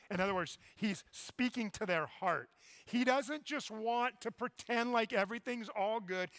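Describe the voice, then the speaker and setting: Male preacher, high bright voice, impassioned then soft for emphasis. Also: no echo. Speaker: pastor. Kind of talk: sermon.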